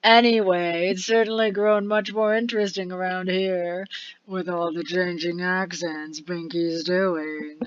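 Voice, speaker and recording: A woman's voice: on the low side, flat delivery, moderate pace, few pauses, smooth, close to an everyday voice. A woman voicing a sly, menacing court bard who gushes theatrically in an odd put-on accent. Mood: gushing. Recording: dull lo-fi recording.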